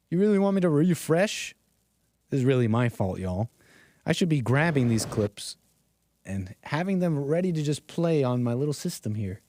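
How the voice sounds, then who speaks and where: A man's voice: on the high side, very animated, moderate pace, warm tone, dry recording. A man hosting a casual commentary stream with call-ins, rambling and sarcastic, with chuckling asides. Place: home streaming setup.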